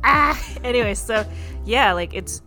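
Brief: excitable female co-host, higher voice, casual swearing, music clearly behind. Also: moderate pace. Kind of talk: casual chat.

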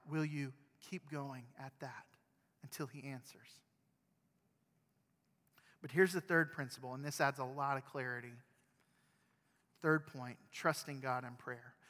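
Bright-voiced preacher in an echoey hall. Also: male voice, mid-range voice. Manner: conversational storytelling, animated. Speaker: pastor. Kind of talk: sermon.

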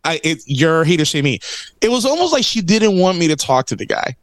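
A man's voice: on the high side, fairly quick, no echo. A man chatting casually, telling a story and acting out the other people in it. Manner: animated storyteller, acts out quotes. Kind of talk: casual chat.

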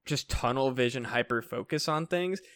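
A man co-hosting a podcast, a comedian talking in halting, rambling casual chat full of fillers and swearing. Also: mid-range voice, a bit bright, no echo.

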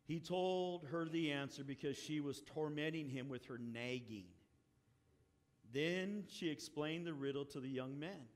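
A man with a high voice preaches in a storytelling way, acting out the quoted characters and dropping dry asides. His voice rings with the long reverb of a big hall. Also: unhurried. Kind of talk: sermon.

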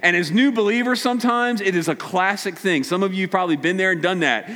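A man delivers a casual sermon in a fairly high voice. He tells stories with a sarcastic edge and acts out what people said. The sound rings with a long hall reverb. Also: fast talker, bright, forceful tone. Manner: casual, sarcastic storytelling with acted quotes. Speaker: preacher.

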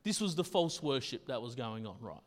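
A man's voice: mid-range voice, very animated, moderate pace. A male pastor preaching a sermon in a casual, conversational way, often checking in with his listeners. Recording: long reverb in a hall.

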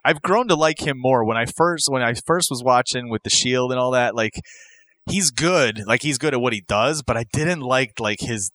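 A man hosting a casual wrestling podcast, with a bright, forward voice recorded close and dry. He rambles and tells stories with animation, often putting on the voices of the people he quotes. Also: mid-range voice, normal speed, no room sound. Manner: rambling, animated storyteller who acts out quotes. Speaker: podcast host.

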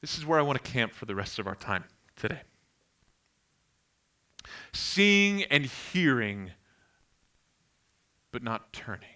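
A man's voice: fairly low pitch, animated, fast talker, hardly any pauses, bright, forceful tone. A middle-aged man preaching a sermon, earnest and building emphasis on key phrases, with homely anecdotes along the way. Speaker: pastor.

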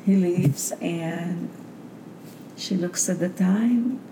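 A woman's voice: on the low side, drawn-out words, dark tone, slight background noise. An older woman from Bulgaria telling her family's story in an interview, rambling with many fillers and restarts. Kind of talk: personal storytelling. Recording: roomy interview recording.

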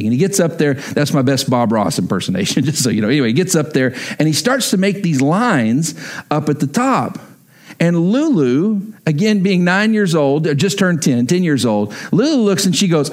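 A male pastor preaching with emphasis, his voice sitting fairly high for a man. He repeats key lines and slows down to drive them home. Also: expressive. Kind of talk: sermon.

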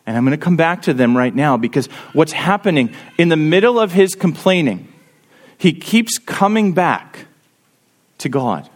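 Man preaching, earnest, fairly high-pitched, reads verses with emphasis. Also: expressive, moderate pace. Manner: earnest, reads scripture aloud with rising emphasis. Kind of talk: sermon.

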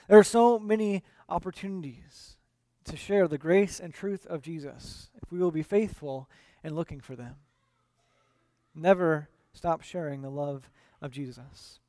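A man preaching a sermon as a pastor, earnest and emphatic, letting his voice fall quiet and low at the ends of phrases. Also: no room sound.

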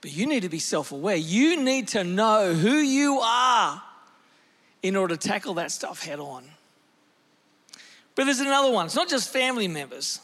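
A male pastor preaching a lively, animated sermon, with sudden shifts in pace and loudness as he tells a story. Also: high voice, in a large hall.

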